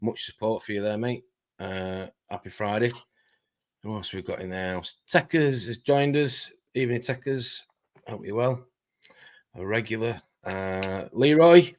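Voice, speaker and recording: A man hosting a casual live stream, chatting quickly and greeting viewers by name. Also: lowish voice. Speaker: host.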